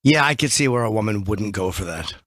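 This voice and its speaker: A man's voice: on the low side, lively intonation, fairly quick, fairly bright tone, dry recording. A man co-hosting a radio talk show, chiming in with dry, wry remarks. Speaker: radio co-host. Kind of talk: casual radio chat.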